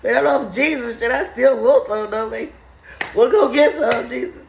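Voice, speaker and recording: A woman riffs through profane, comedic Bible commentary with a gravelly edge to her voice, laughing loosely in the middle of her lines. The sound is roomy, with a clear echo around her. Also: on the high side, normal speed, darkish tone, slight background noise. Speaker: video host.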